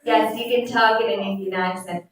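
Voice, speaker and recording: A young woman teaching a children's religious class in a temple hall, slow and patient, quizzing the kids as she goes. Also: mid-range voice, fairly even intonation, crowd noise. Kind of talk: religious lesson with chanted verses. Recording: very echoey hall, mic far off.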